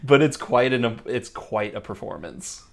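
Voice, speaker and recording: Male podcast co-host; wry, easygoing delivery, mid-range pitch. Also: animated, unhurried, vocal fry. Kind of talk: casual film-discussion chat.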